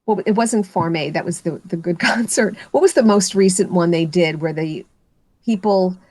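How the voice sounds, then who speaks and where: A woman speech coach speaking as a guest in a video interview, confident and animated when telling stories. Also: fairly low pitch, normal speed, dry recording. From United States.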